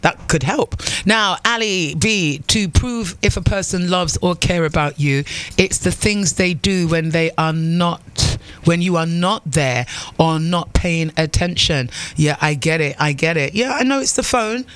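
A woman's voice: lowish voice, unhurried, fairly bright tone, clear, resonant tone, no echo. A woman hosting a call-in radio show, chatty and loose, with many fillers and restarts. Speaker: radio talk show host.

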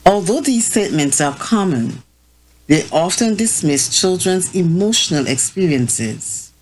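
A woman hosting a talk on parenting, reading prepared remarks in a measured way and sometimes correcting herself. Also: lowish voice, expressive, darkish tone, rough recording. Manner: slow, measured, with self-corrections. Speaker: host.

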